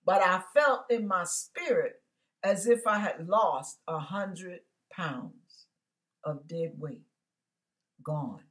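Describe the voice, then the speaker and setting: A woman's voice: fairly low pitch, animated, takes it slowly. A woman with a way of speaking, giving an emphatic, repetitive preaching testimony into a computer mic at home. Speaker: online Christian teacher. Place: her living room.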